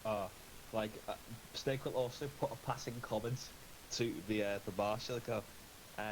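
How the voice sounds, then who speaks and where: Quiet male player over hiss. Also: fairly low pitch, steady tone, normal speed. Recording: clear background hiss.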